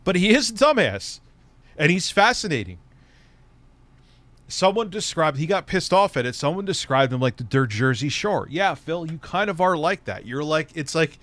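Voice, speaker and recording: A man's voice: on the high side, big pitch swings, moderate pace, a bit bright, dry recording. A man hosting a live stream, mocking and ranting with plenty of swearing as he reacts to a clip. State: recovering from a leg injury. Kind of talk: casual live-stream commentary.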